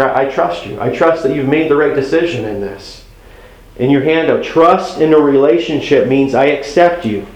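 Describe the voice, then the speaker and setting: A man's voice: fairly high pitch, darkish tone, roomy sound, rough recording. A man speaking as a pastor to an audience about marriage, conversational and humorous, acting out little quotes from spouses. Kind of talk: sermon-style marriage talk.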